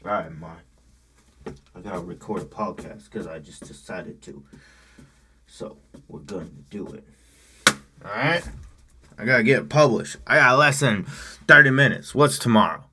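A man's voice: on the low side, expressive, normal speed, long pauses, noisy background. Man rambling in a closet. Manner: rambling, profane, playful. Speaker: podcast host. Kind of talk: casual podcast monologue. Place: small closet. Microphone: studio microphone.

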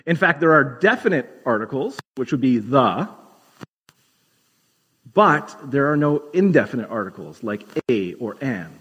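A man preaching a sermon as pastor, explaining scripture in a conversational teaching manner and slowing down to stress key words. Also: medium pitch, sing-song, fairly bright tone, slightly rough, lo-fi sound. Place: church sanctuary. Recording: long hall reverb.

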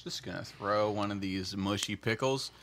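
A man in his thirties co-hosting a food podcast, excitable and swearing often, mumbling through mouthfuls. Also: fairly low pitch, moderate pace, a little hiss or hum. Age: 30s. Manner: excitable, swears a lot, swings between loud bursts and mumbling while eating. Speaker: podcast co-host. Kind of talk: casual chat.

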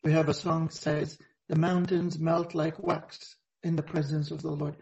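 A man preaching a sermon over a video call, earnest and reflective, pausing often. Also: fairly high pitch, flat delivery, vocal fry, muffled recording, noisy background. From Egypt. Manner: earnest, reflective, halting with frequent pauses.

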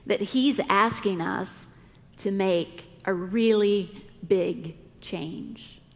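A middle-aged woman pastor preaching a sermon, speaking deliberately with dramatic pauses. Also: mid-range voice. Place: church sanctuary. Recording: long reverb of a church hall.

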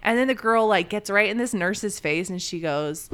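A woman co-hosting a podcast, telling a story in a casual, animated way and laughing often. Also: fairly low pitch, normal speed, few pauses. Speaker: podcast co-host.

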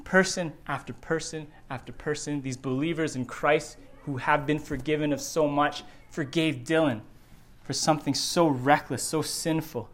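A man's voice: fairly high pitch, fairly even intonation, moderate pace. A middle-aged man preaching a sermon in a church, earnest and repeating phrases for emphasis. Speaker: pastor. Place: church sanctuary.

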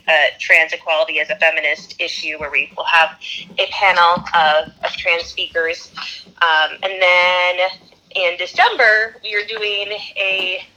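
A woman's voice: on the low side, sharp tone, poor audio. A woman activist organizer enthusiastically laying out upcoming events, with frequent "um" and "uh". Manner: enthusiastic, explains plans with "um" and "uh". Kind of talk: casual chat.

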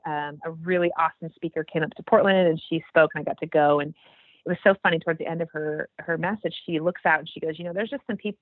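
A woman guest telling a faith story in casual talk, acting out the quoted lines with animated jumps in her voice. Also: no echo. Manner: animated, acts out quoted dialogue with big pitch jumps. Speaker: podcast guest. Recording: dry, tinny phone-like line.

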